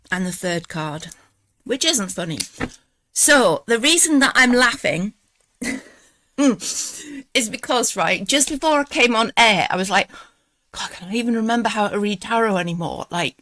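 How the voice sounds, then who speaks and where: A rambling Geordie woman chats her way through a live tarot stream, self-deprecating and quick to laugh. Her voice sits at an ordinary middle pitch and sounds clipped and lively with caffeine. The sound is dry and close, with no room around her. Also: no room sound. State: buzzing on coffee after feeling unwell. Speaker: tarot reader hosting a live show. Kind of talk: casual live-stream chat.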